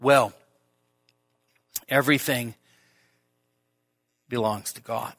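A man's voice: medium pitch, fairly even intonation, slow pace, creaky, fairly bright tone. A middle-aged man preaching an expository sermon in a church, earnest and emphatic, repeating phrases for stress. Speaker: pastor.

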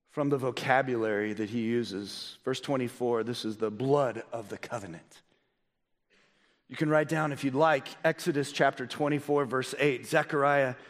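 A man preaching a sermon as pastor, asking the congregation rhetorical questions and swinging between loud emphasis and low, quiet delivery. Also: in a large hall.

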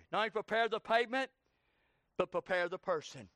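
A male preacher with a strikingly high voice delivers a fervent sermon. He swings from ringing shouts down to hushed pleading and rattles off long lists in quick bursts. The sound is close and dry, with no room around it. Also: no room sound. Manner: rapid piled-up lists.

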